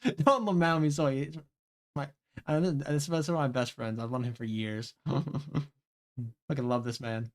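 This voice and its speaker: A man's voice: mid-range voice, a little slow. A young man chatting casually on a live stream while playing a game, swearing freely and laughing often. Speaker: livestreamer.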